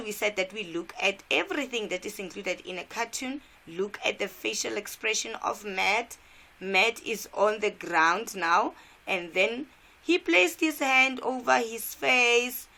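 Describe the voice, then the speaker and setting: A woman's voice: medium pitch, creaky, bright, forceful tone. A woman from South Africa, an English teacher, walking students through a cartoon step by step in a revision lesson and asking them questions.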